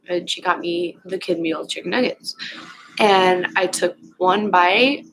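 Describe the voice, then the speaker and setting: A young woman vlogger casually telling a personal story at home, rambling and halting with lots of fillers. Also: lowish voice, steady tone, a bit bright, a little hiss or hum, low-quality recording.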